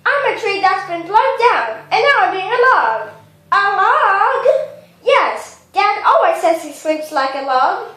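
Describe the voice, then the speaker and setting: A woman's voice: extremely high pitch, big pitch swings, measured pace, bright, forceful tone, very echoey, full character voice. A woman voicing a playful, mischievous little-sister mouse in a cartoon, silly and giggly.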